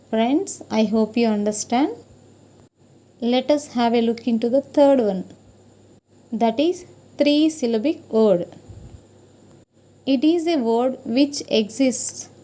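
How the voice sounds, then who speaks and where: A woman teaching syllables, addressing viewers as friends and sounding out words slowly. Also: a little high, warm tone. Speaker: English teacher. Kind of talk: slow explanatory lesson.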